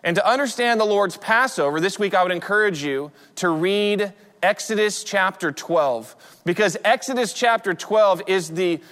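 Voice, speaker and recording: A man's voice: high voice, moderate pace, a bit bright. A man in his forties preaching a sermon as pastor, telling stories in a conversational way with frequent restarts. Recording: long hall reverb.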